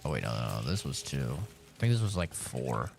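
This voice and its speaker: A man's voice: rumbling low, big pitch swings, normal speed, gravelly, over music. A man streaming a video game, rambling through a casual story with lots of fillers and swearing.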